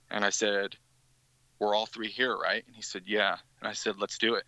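Bright-voiced man telling a story. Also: on the low side, level tone, normal speed, no echo, low-quality recording. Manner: rambling storytelling with many restarts. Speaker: musician guest. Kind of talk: casual podcast interview.

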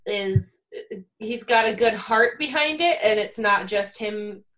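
A woman's voice: mid-range voice, lively intonation, slow, a bit bright. A woman co-hosting a podcast who talks casually, laughs often and fills her talk with "like" and "you know". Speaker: podcast co-host. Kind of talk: casual chat.

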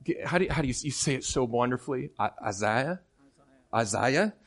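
A middle-aged man from Michigan with an American accent, preaching a sermon in an animated, jokey way that swings from soft asides to loud outbursts. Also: mid-range voice, racing. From Michigan, United States. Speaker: guest preacher.

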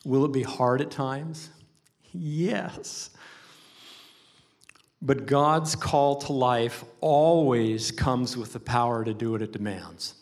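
A male pastor delivers a sermon in an earnest, emphatic way, repeating key phrases for weight. His voice sits at an ordinary middle pitch for a man. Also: slow. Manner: earnest, emphatic preaching with repetition.

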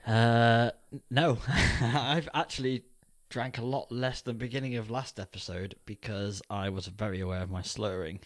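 A man's voice: mid-range voice, steady tone, normal speed, no room sound, clean studio sound. A man hosting a casual podcast, with jokey, teasing introductions. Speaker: podcast host.

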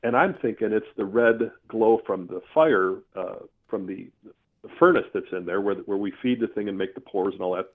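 A man telling a personal story in a casual, earthy, animated way, with mild swearing. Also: on the low side, moderate pace. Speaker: storyteller guest. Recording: tinny phone-line sound.

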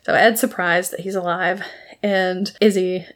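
A woman's voice: lowish voice, flat delivery, measured pace. Chatty woman recapping with frequent laughs. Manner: chatty, laughs often, acts out quotes. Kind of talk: casual episode recap.

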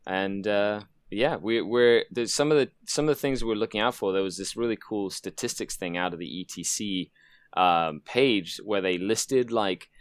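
A man's voice: on the low side, normal speed, no echo. A man from Canada, a guest on a podcast, talking casually about his team with lots of restarts. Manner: rambling, many fillers and restarts. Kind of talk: casual chat.

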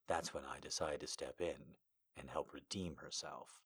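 A man voicing a tender young werewolf alpha who talks in a breathy, hushed murmur, within a comedic reading of amateur fiction. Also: extremely low pitch, steady tone, normal speed, pitched below the performer's own voice, full character voice.

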